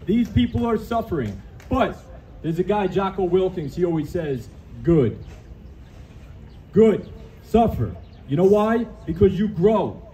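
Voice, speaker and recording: A man's voice: high-pitched, lively intonation, moderate pace, dark tone, a little hiss or hum. A man speaking to a crowd at an outdoor rally, emotional and earnest, restarting his sentences.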